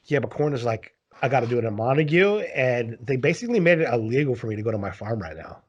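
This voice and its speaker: A man hosting a casual podcast who talks in quick bursts, restarts often and keeps saying "dude". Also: mid-range voice, expressive, slightly rough, dull audio. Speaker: podcast host.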